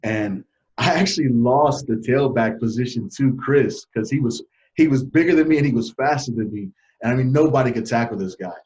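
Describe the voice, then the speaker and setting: Male interview guest, earnest animated storyteller, mid-pitched, muffled lo-fi recording. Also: brisk. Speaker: podcast guest. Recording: dull lo-fi sound.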